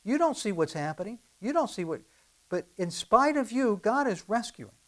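Animated male preacher with rhetorical questions. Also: high-pitched, moderate pace. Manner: animated, swinging from loud to soft, rhetorical questions. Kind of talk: sermon with scripture reading.

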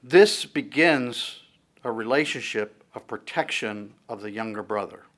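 Guy preaching, reads the verses out then talks them through, mid pitch, gets louder on quotes. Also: expressive, a little slow. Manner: reads verses aloud then comments in a conversational tone, with restarts. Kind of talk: sermon, reading and explaining scripture.

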